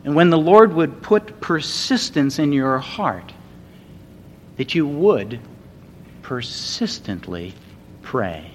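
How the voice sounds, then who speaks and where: A man delivers a sermon at a slow, deliberate pace. He speaks earnestly and swells into loud, emphatic repetitions. A long reverb and a faint rumble sit behind his voice. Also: lively intonation. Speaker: preacher.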